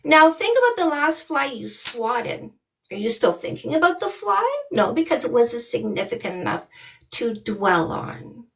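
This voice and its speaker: Blunt, mocking high-voiced woman. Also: big pitch swings, a little slow, vocal fry, fairly bright tone. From Canada. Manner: scolding, with many rhetorical questions. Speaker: dating coach. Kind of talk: livestream rant.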